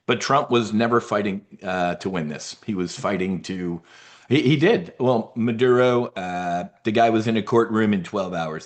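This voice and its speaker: A man's voice: lowish voice, lively intonation, normal speed. Profane, combative man ranting. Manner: profane, combative, mocks opponents in put-on voices. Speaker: trading newsletter host. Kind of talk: heated political rant in a members' brief.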